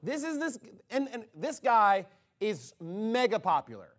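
A man's voice: sits high, big pitch swings, unhurried. A man preaching a sermon, retelling a story with mocking, incredulous sarcasm.

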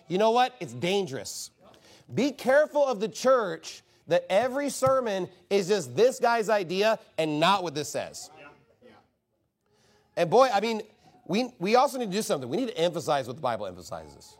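A man preaching a sermon as pastor, emphatic and rhetorical, mocking objections in quoted voices. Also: high-pitched.

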